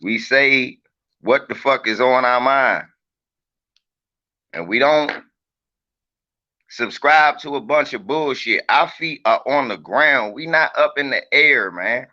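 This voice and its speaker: A man's voice: mid-range voice, slow, pauses often, bright, forceful tone, lo-fi sound. A man chatting on a livestream in a brash, profane, joking way and teasing his viewers. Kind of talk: casual livestream chat.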